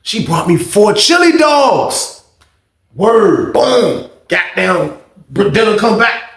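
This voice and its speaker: A man telling a storytime vlog story in casual slang, animated and getting louder when excited. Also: high voice, slow pace, gravelly, reverberant. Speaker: storytime vlogger.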